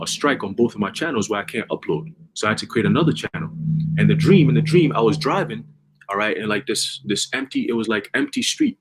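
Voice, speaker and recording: A man casually preaching and telling a story on a religious livestream, with energetic, repetitive street talk full of slang. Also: lowish voice, noisy background.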